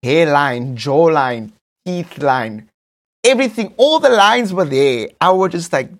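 A man with a South African English accent, a podcast host telling a personal story in a camp, animated, casual way, repeating phrases for effect. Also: on the high side, unhurried.

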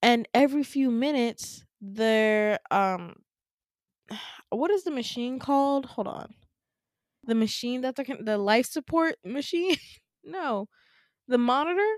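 A woman's voice: fairly high pitch, slow pace, long pauses, no echo, studio quality. A young woman, a podcast host, tells a dream story casually, with lots of fillers and laughing asides.

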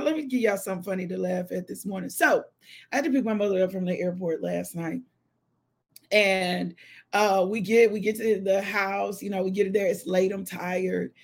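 A woman's voice: medium pitch, steady tone, normal speed. A woman hosting a morning devotional show, chatting casually and laughing with her live viewers. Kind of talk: casual chat.

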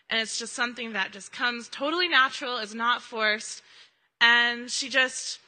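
A woman's voice: a little high, pushed and bright. A woman giving a personal testimony at a church service, talking earnestly and conversationally with frequent ums. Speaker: church member giving a mission-trip testimony. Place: church hall. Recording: reverberant hall sound.

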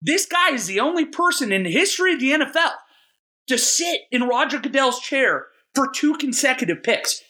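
A young man co-hosting a podcast, telling a long rambling story in a self-mocking, excitable way. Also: very high voice, normal speed. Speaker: podcast co-host. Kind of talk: casual storytelling chat.

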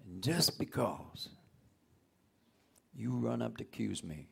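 A man preaching a sermon, often rising into loud outbursts. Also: mid-range voice, expressive, slow, gravelly, breathy edge. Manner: folksy, call-and-response preaching with sudden loud outbursts.

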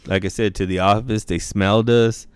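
A man's voice: lowish voice, steady tone, normal speed, clean tone, dry recording. A young man telling stories in casual chat, with laid-back slang, heavy swearing and constant "bro" and "dude".

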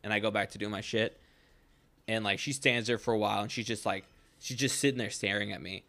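A young man co-hosting a podcast speaks in a fairly low, fairly even voice that is brisk, creaky, bright and forceful. He spins a long, rambling anecdote in casual chat, leaning heavily on "like" and swearing often.

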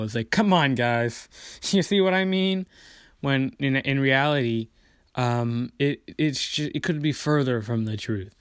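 A man's voice: mid-range voice, smooth, no room sound, studio quality. A man hosting a political commentary video, ranting casually with profanity, dismissive asides and lots of fillers.

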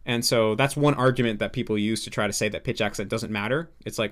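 A man's voice: lowish voice, quick pace. A young man as a podcast guest, explaining earnestly and thinking aloud in a casual interview.

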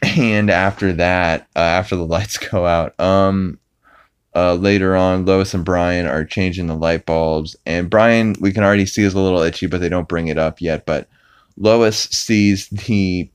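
A man's voice: low voice, fairly even intonation, a little slow, clean tone, no echo. Rambling man recapping an episode. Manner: rambling, many fillers and restarts. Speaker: podcast host.

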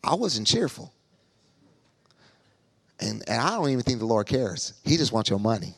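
A man preaching with comic stories, acting out each voice and stammering when he gets excited. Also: medium pitch, normal speed, vocal fry, pauses often, breathy edge, no echo. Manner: animated, acts out every voice in his stories. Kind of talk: comic storytelling sermon.

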